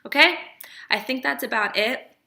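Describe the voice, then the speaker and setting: A woman's voice: sits high, moderate pace, vocal fry, pushed and bright. A woman talking casually to camera, giving relationship advice in a chatty, emphatic way and often checking in with the viewer.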